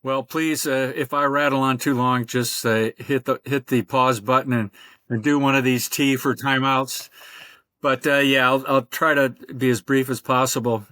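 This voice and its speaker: An older man, a podcast guest, telling his career story in a relaxed, rambling way with many fillers, over a remote call. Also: mid-range voice, moderate pace, dry recording. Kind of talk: conversational interview.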